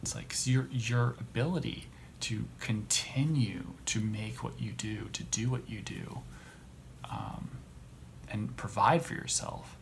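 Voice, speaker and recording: A man hosting a podcast who rants in a casual comedic way, rambling and halting with many restarts. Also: lowish voice, very animated, creaky, a little hiss or hum. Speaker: podcast host.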